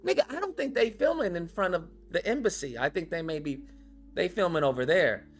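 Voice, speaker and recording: A man delivers a heated commentary rant, profane and mocking. His pitch swings widely from low grumbles to high jabs, giving the talk a lively, animated bounce. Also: a little fast, soft background music. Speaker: channel host.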